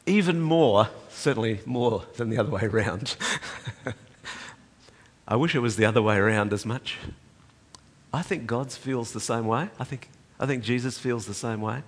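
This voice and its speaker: An older man preaching a sermon, swinging between loud emphatic peaks and soft, hushed passages. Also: mid-range voice, normal speed. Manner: impassioned, rising to loud emphatic peaks then dropping soft. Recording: reverberant hall.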